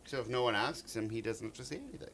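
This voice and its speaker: A man's voice: mid-range voice, fairly even intonation, very fast, fairly bright tone, a little hiss or hum. A man co-hosting a podcast in a joking, teasing, giggly way. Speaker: podcast co-host. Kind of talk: casual chat.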